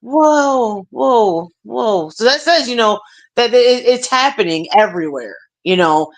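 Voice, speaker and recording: A woman hosting a casual talk stream, telling stories in a lively way with plenty of fillers. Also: fairly high pitch, moderate pace. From United States. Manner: animated storytelling with many fillers. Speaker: stream host. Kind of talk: casual chat.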